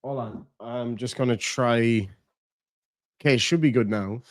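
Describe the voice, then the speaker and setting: A man's voice: mid-range voice, measured pace, no echo. An Irish man hosts a livestream in a loose, rambling way, swearing freely and reading out viewer donations as he goes. His voice sits in an ordinary middle register. The sound is dry and close, with no room around it. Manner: profane, rambling, reads out donations. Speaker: livestream host. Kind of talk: casual livestream chat.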